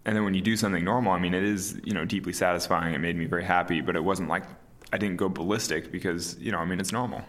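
A man in his thirties, an interview guest talking casually and calmly, with many fillers and restarts. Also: low voice, fast. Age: 30s. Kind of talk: casual conversation.

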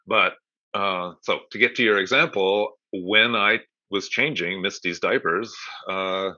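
Older guy talking movement stuff, low bright voice, kinda muffled dry sound. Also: a little slow, no room sound. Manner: thoughtful, explanatory, rambling asides. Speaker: movement educator guest. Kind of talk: conversational interview explanation. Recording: dull lo-fi dry remote audio.

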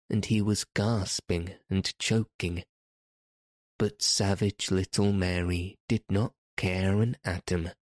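Male audiobook narrator, very low voice, dry close studio sound. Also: darkish tone, no room sound. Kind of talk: scripted narration.

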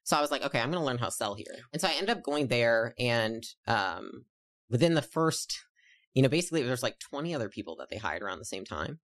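A young woman, an entrepreneur guest, chatting casually and telling her story in quick, rambling sentences full of fillers. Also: extremely low pitch, animated. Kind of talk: casual interview chat.

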